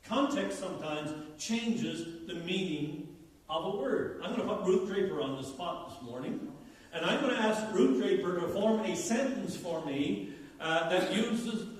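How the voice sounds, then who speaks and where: Newfoundland man preaching casually, quizzes the congregation; high-pitched, recorded from afar in a roomy church. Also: animated, unhurried. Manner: folksy, chatty, asks the congregation questions. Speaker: pastor. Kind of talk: conversational sermon. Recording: echoey church hall, mic far off.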